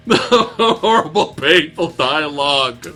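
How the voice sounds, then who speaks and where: A man ranting in casual chat as a film reviewer, exasperated and quick to laugh. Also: a little high, lively intonation, bright, forceful tone, faint music behind.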